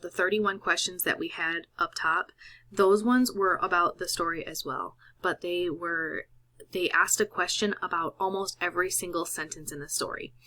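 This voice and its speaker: Slow, bright-voiced woman teacher. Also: mid-range voice. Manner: patient, talks students through each step. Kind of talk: recorded screen-share lesson.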